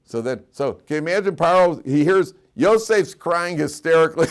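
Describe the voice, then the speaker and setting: A man teaching a Torah class as a rabbi, animated and storytelling, acting out quoted lines with frequent restarts and laughter. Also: a little high, a little fast, clean tone. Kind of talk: lively Torah lecture.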